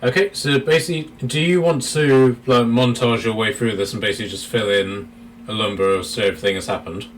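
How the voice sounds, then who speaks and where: A man runs a tabletop game in a loose, chatty way, laughing often and humming while he looks things up. His pitch is an everyday middle. He sits a little back from the mic, with a faint hiss behind him. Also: steady tone, brisk. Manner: casual, laughing, thinking aloud. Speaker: game master. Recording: distant mic, faint noise.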